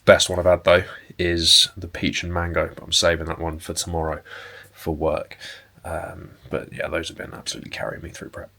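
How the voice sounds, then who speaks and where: Talking to camera at home and from a parked car, this young man, a personal trainer who vlogs about bodybuilding, rambles loosely in a low, gravelly, mostly flat voice. He speaks a bit fast with barely any pauses, dropping frequent fillers and the occasional mild curse in an easygoing way.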